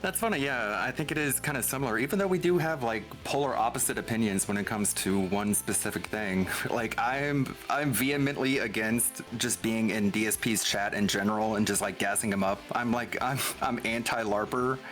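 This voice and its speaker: A man's voice: lowish voice, moderate pace, hardly any pauses, a bit bright, soft background music. Laid-back man on a voice call. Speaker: guest on a call. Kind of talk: casual chat over a voice call.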